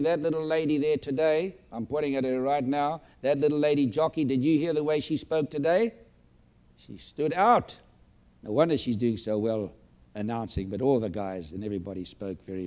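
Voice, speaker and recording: A man's voice: fairly high pitch, a little mellow. A man in his late seventies giving a boastful, emphatic and sentimental motivational speech to an audience in a large room. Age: 70s. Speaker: speaker addressing an audience.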